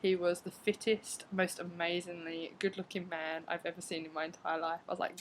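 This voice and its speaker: A young woman tells stories to her camera from home. Her voice sits a little low, and she keeps the talk loose and chatty, full of fillers and played-out reactions. A faint hiss hangs behind her. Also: flat delivery, fairly quick, few pauses, low-quality recording. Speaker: vlogger. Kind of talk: casual storytelling to camera. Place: at home, indoors.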